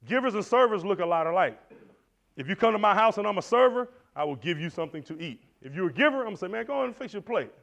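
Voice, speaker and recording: A man teaching at a Christian men's conference, animated and preacherly, swinging between loud and soft. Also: high-pitched, fast talker, gravelly. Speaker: conference speaker. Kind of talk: motivational church teaching. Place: lecture hall. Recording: dull lo-fi recording.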